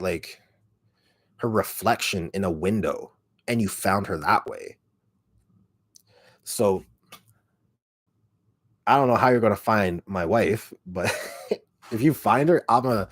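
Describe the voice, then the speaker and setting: A very low, raspy male voice rambles through a casual livestream chat, piling on fillers and swearing. He is an ASMR YouTuber talking loosely to his viewers. The sound is dry and close, with no room echo. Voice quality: deep and raspy.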